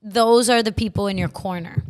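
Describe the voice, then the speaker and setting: A woman's voice: mid-range voice, fairly even intonation, normal speed. Heartfelt woman chatting on a podcast. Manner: heartfelt, tearful at times, many "like" fillers. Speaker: podcast co-host. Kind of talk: casual chat.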